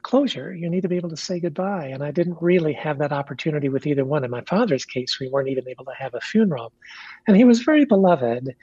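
Radio guest: woman from Kentucky, husky, speaks measured and candid, dry muffled line. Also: low voice, animated, dark tone, dry recording. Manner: measured, candid, with fillers and restarts. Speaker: guest, pastor and author. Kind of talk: reflective radio interview.

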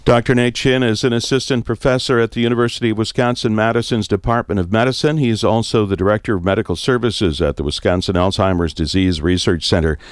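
A man hosting a public radio interview show, talking in a relaxed conversational way with occasional fillers. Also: lowish voice, fast talker, hardly any pauses, dry recording, clean studio sound. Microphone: studio microphone.

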